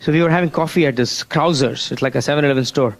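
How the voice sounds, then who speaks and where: A motivational speaker at a business seminar talks quickly in a gravelly voice that sits on the high side. He tells stories and often asks the audience questions.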